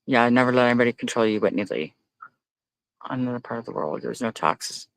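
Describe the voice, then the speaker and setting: A man's voice: expressive, fast, vocal fry, dry recording. Profane ranting man. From Canada. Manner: loudly incredulous, rises to high exclaims. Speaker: livestream host. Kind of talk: casual livestream chat reading viewer comments.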